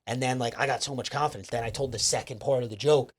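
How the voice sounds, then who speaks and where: A man's voice: mid-range voice, steady tone, quick pace. A man, a comedian guest, telling a rambling, profane story in casual chat. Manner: profane, rambling, lots of fillers.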